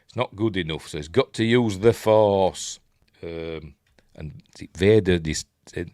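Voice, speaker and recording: A man's voice: deep voice, measured pace, darkish tone, no room sound, studio quality. An older man with a Yorkshire accent giving a rambling, chatty film commentary while watching along. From Yorkshire, England. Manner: rambling, chatty, hums the score. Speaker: film reviewer. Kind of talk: casual commentary over a film.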